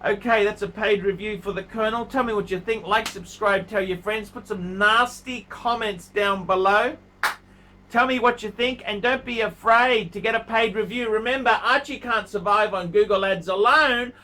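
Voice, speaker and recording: A man hosting a watch review channel talks directly to camera in a casual monologue, blunt and scolding, hammering the same points again and again. His voice is high, bright, and hard-edged, at a normal speed, on a rough recording with a faint hiss beneath.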